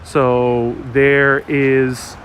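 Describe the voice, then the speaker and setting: A man's voice: mid-range voice, flat delivery, drawn-out words, a bit bright. A young adult man from Queens hosting a live walking tour on a city street, reading out viewer comments and answering them as he goes. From Queens, New York. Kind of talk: casual live-stream chat while walking. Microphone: wireless clip-on mic while walking. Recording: outdoor street recording with faint traffic noise. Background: street traffic.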